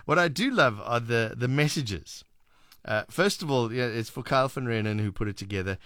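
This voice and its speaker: A man's voice: mid-range voice, animated, moderate pace, a bit bright, no room sound, studio quality. A man hosting a radio talk show, chatting casually with callers and telling jokey stories. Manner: jokey storyteller, reads messages aloud.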